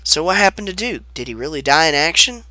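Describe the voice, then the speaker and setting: A man's voice: on the high side, sing-song, fast talker, bright, forceful tone, dry recording. Laid-back man rambling over game credits. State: sounds sick. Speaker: let's play commentator. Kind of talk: rambling gameplay commentary.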